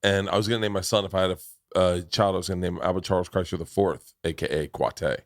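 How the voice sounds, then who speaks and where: A man telling a story in a casual chat, acting out quoted voices loudly as he goes. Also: sits low, quick pace, no echo, clean studio sound. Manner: animated storyteller, acts out loud quoted voices. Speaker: comedian podcast co-host.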